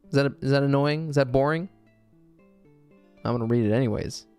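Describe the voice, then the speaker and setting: A man's voice: mid-range voice, fairly quick, darkish tone, clean tone, soft background music. A male streamer in casual livestream chat, laid-back and profane with joking asides, reading his own script aloud.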